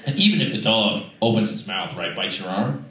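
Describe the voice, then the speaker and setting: A man's voice: fairly low pitch, animated, brisk, a bit bright. A Canadian man doing a stand-up comedy set, rambling and self-mocking, with plenty of fillers. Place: comedy club stage. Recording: echoey club from a distance. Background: laughing audience.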